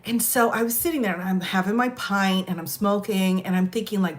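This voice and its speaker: A middle-aged American woman telling stories in a casual chat, laughing often and animated. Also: medium pitch, fairly quick, hardly any pauses. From United States. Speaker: host.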